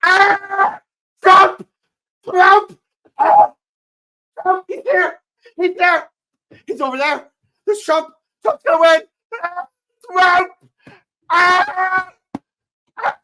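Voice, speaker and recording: A woman acting out a hysterical, panicked liberal who screams in a high voice that someone is everywhere. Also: extremely slow, long pauses, pushed and bright, no echo, exaggerated voice. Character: shrieking panicked liberal adult, frantic.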